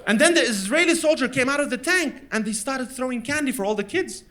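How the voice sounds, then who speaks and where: A man's voice: very high voice, expressive, a little fast, bright, forceful tone. A man from Lebanon performing a stand-up comedy set, telling stories and acting out his parents in voices. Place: comedy stage before a laughing audience.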